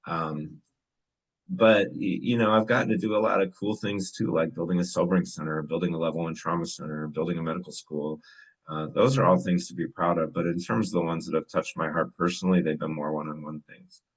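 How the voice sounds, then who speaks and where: A middle-aged man, an emergency physician, talking casually with students and telling stories in a relaxed, conversational way with many fillers. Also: deep voice, fairly quick, low-quality recording. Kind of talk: casual storytelling talk.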